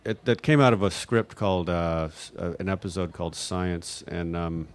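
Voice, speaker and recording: Hesitant low-voiced man answering questions. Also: steady tone, moderate pace, slight background noise. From New Mexico, USA. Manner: hesitant, full of fillers and restarts. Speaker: guest at audience Q&A. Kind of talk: rambling unscripted answers.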